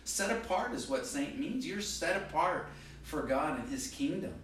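A male pastor preaching a sermon, emphatic, rising and falling in pitch and volume to stress his points. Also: animated, a little slow, fairly bright tone, a little hiss or hum. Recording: very echoey hall, mic from a distance.

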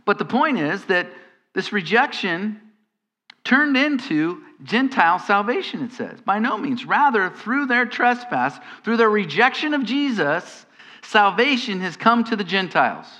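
A man's voice: high-pitched, sing-song, a little slow, sharp tone. A man preaching a sermon as pastor, in a conversational style that turns to emphatic questions. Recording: long hall reverb.

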